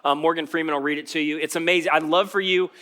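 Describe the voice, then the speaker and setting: Bright-voiced, high male pastor. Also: steady tone, fast talker. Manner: casual, joking storytelling. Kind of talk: sermon. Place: church stage.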